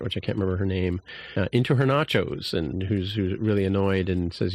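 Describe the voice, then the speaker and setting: A man with a low, gravelly voice hosts a podcast, talking through an episode recap in a loose, meandering way. He fills gaps with "uh" and "um," restarts his sentences often, and sounds a little under the weather. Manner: rambling, many fillers and restarts. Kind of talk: casual chat.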